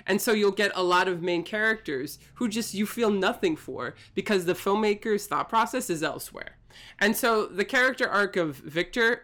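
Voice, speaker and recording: High, bright-voiced male film critic. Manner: articulate, analytical, speaks in long sentences. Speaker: podcast co-host. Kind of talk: casual chat.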